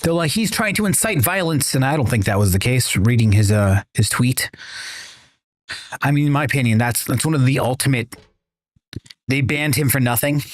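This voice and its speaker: A man's voice: mid-range voice, moderate pace, pauses often. A man streaming a video game, chatting casually with his viewers, rambling and swearing freely. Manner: rambling, profane, talks to chat. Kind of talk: casual chat while gaming.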